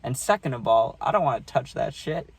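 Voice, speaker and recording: A man's voice: medium pitch, expressive, a little fast, gravelly, slightly rough, no echo. Man, loose swearing storyteller, middling voice, dry close recording. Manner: loose and profane, many fillers and tag questions. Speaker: vlogger. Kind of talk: casual storytime.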